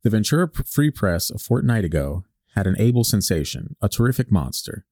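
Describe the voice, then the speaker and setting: A man's voice: on the low side, sing-song, fairly quick, a little mellow, no echo, clean studio sound. A man from Alaska co-hosting a podcast, joking and laughing as he reads an old newspaper article aloud. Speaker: podcast co-host. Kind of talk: casual chat, reading an old article aloud.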